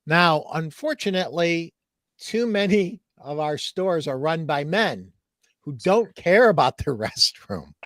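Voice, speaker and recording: A man hosting a podcast, telling a funny story in a lively way and laughing as he goes. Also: on the high side, unhurried, no room sound, studio quality. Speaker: podcast host. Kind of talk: casual storytelling.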